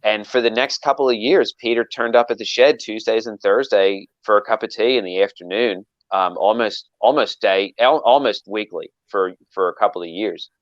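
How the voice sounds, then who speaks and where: A man's voice: lowish voice, normal speed, hardly any pauses, dry recording, highs cut off. A man telling a long story in casual chat, rambling with frequent restarts and acting out quoted lines. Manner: rambling with many restarts, animated quoting. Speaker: knifemaker guest.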